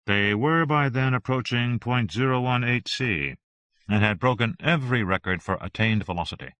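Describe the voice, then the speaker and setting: A man narrating an audiobook in a steady, even-toned reading. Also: mid-range voice, normal speed, no room sound.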